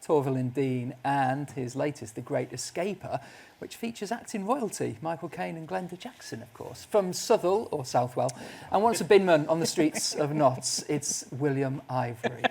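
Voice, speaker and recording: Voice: medium pitch, normal speed, gravelly, a little mellow, husky. A presenter hosting a local TV chat show, introducing a guest and asking him upbeat questions. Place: TV studio with live audience.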